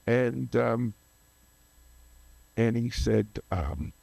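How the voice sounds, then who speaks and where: A man's voice: mid-range voice, expressive, drawn-out words, creaky, a little mellow, husky, dry recording. An older man, a photographer guest, telling long rambling anecdotes in an interview, often losing names and restarting.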